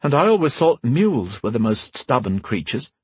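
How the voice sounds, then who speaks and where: A man's voice: medium pitch, sing-song, normal speed, husky, no echo. A man voicing an impatient, direct woman who rides a dragon in an audiobook. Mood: curious.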